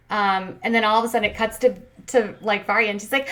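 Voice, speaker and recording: A woman's voice: mid-range voice, fairly even intonation, fairly quick, hardly any pauses, bright, forceful tone. A woman hosting a commentary channel, recapping a reality show in a chatty, filler-heavy way with sarcastic asides.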